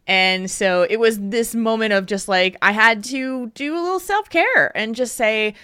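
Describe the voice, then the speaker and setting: Bright-voiced woman hosting a podcast. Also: a little high, a little slow, smooth, no echo, clean studio sound. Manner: open and candid, laughing often. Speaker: podcast host. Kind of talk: casual podcast chat.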